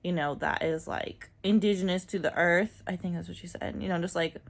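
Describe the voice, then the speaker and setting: A woman with a low, gravelly voice talks openly to her viewers in a casual vlog. She rambles a little and fills pauses with ums and likes. Her tone stays frank and personal. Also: fairly even intonation. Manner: chatty and candid, many fillers, laughs often. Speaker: vlogger.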